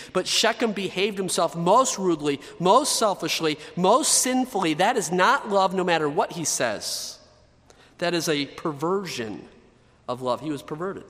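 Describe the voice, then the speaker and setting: Male pastor, slightly high voice, emphatic repeated-phrase delivery, sanctuary reverb. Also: a bit bright. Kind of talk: sermon.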